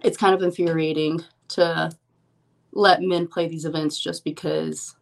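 A woman's voice: low-pitched, flat delivery, unhurried, gravelly. A young woman, a professional poker player, talking frankly and casually as an interview guest, with lots of "like" fillers. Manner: chatty, frank, many "like" fillers.

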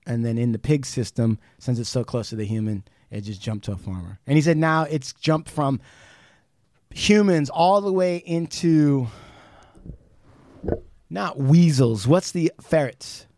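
Animated swearing man on a podcast. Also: medium pitch, unhurried, no echo, clean studio sound. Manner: animated retelling, swears freely, many restarts. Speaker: podcast co-host. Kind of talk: casual podcast chat.

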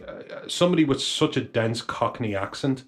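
A man's voice: mid-range voice, expressive, normal speed, faint music behind. A man co-hosting a casual film review podcast, rambling with many restarts and the odd swear. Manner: rambling, self-interrupting, swearing. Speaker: podcast co-host.

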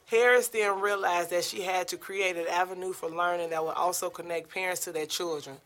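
Host reading a news story out loud, bright voice, cuts in with playful little comments. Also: mid-range voice, fairly even intonation, fairly quick, soft background music. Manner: breaks off from reading to react playfully. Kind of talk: reading a news story aloud with casual asides.

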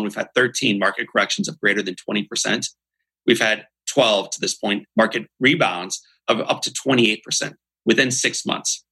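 Earnest man with a bright, husky voice. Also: lowish voice, poor audio. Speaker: podcast guest, author. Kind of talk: motivational interview talk.

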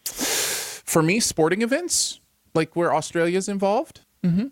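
A man's voice: high-pitched, takes it slowly, dry recording, clean studio sound. A man co-hosting a casual livestream chat, playful and teasing his co-host. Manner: playful, teasing, animated intonation. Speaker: podcast co-host.

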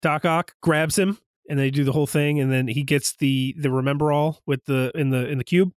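A young man co-hosting a casual podcast, excitedly retelling movie scenes and jumping into high voices for quotes. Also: fairly quick, no room sound, clean studio sound. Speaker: podcast co-host.

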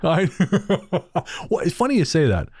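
A man's voice: sits high, sing-song, slow pace, darkish tone, husky, no echo, clean studio sound. A man hosting a podcast, chatting casually with sarcastic, profane jokes and frequent laughter. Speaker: podcast host.

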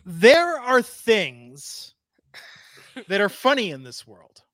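A man's voice: sits high, huge pitch swings, slow, fairly bright tone, dry recording. A man co-hosting a wrestling podcast, chatting casually with a dry, sardonic delivery. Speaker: podcast co-host.

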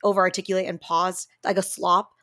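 A woman co-hosting a podcast who tells a story in a quick, animated way, acting out quotes and using plenty of fillers. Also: fairly low pitch, dry recording. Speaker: podcast co-host and speech therapy grad student.

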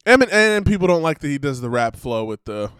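Male host, high voice, loose ranting commentary with laughs. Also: sing-song, fairly quick, a bit bright, clear, resonant tone, dry recording. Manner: rambling, laughs between thoughts. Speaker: podcast host. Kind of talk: casual commentary.

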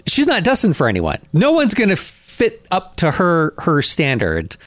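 Man, comedy podcast co-host, wry, lively intonation, dry sound. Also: high voice, moderate pace, no room sound. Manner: wry, lively, restarts sentences. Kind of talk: casual comedic chat.

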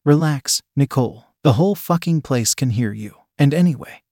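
A man's voice: mid-range voice, animated, moderate pace, warm tone, dry recording, clean studio sound. A man voicing a bold, teasing young woman, the commanding older sister in a spoken story. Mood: brazen. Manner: brazen and commanding.

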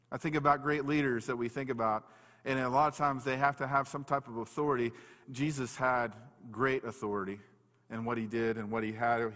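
A pastor with a mid-range, fairly bright voice reads scripture aloud and explains it earnestly and emphatically, often repeating key words. Long hall reverb trails his sermon.

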